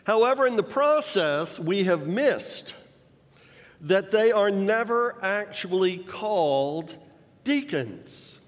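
A man delivers a sermon in a slightly high voice, unhurried and deliberate as he explains the passage point by point. His words ring out with the long reverb of a large church hall. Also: lively intonation. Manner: measured, explanatory preaching with rhetorical emphasis. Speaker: preacher.

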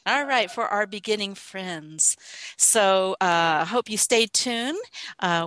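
A woman's voice: mid-range voice, a bit bright, no room sound. A woman co-hosting a podcast, talking in a chatty, easy way and laughing often. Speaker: podcast co-host. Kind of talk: casual chat with a co-host.

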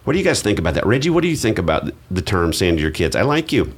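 Middle-aged male podcast host, very deep, easygoing and self-mocking. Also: very fast, husky. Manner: relaxed, self-deprecating, chatty. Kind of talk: casual podcast chat.

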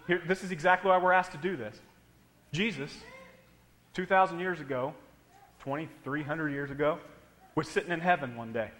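A man's voice: a little high, fairly bright tone, in a large hall. A man preaching a sermon in a church, emphatic and speaking straight to the congregation. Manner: emphatic, addresses the congregation directly. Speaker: pastor. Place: church hall.

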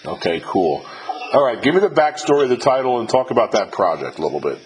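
Middle-aged male host, relaxed and profane, faint noise behind. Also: medium pitch, quick pace, rough recording. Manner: loose and profane, many fillers and restarts. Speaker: podcast host interviewing a musician. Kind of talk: casual chat.

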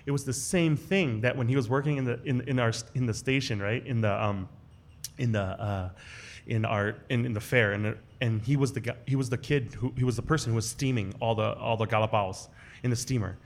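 A man telling a personal story in a casual way to a live audience at a restaurant event, slipping into the voices of the people he quotes. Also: fairly quick. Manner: animated, acts out quoted voices with big jumps in pitch. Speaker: guest storyteller on a live podcast show.

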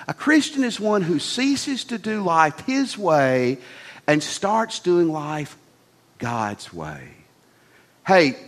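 A middle-aged pastor preaches in an animated, folksy style, repeating his key phrases. His voice sits high for a man and swoops widely from line to line. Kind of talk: sermon.

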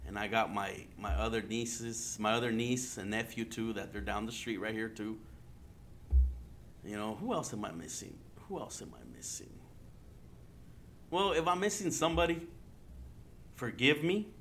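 A man's voice: lowish voice, a little hiss or hum. A man from Arizona hosting his own podcast in casual solo talk, rambling, heavily profane and joking at himself, with Spanish slang dropped in. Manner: loose, joking and laughing at himself. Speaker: podcast host.

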